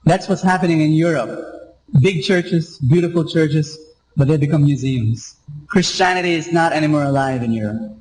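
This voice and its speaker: A man preaching a sermon, impassioned and slowing down for emphasis. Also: fairly high pitch, darkish tone, rough recording.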